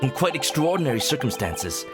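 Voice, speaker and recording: Guy doing a polite young japanese lawyer, light accent, lively voice. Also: medium pitch, a little fast, music in the background, close to an everyday voice. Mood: earnest. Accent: light Japanese accent on English. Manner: earnest, formal. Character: young male Japanese law student, earnest.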